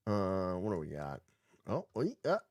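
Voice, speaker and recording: A man's voice: sits low, wildly swooping pitch, unhurried, darkish tone, no room sound, clean studio sound. A man hosting a podcast, reading news articles aloud and riffing on them in an irreverent, swearing, casual way. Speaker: podcast host. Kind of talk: casual livestream commentary.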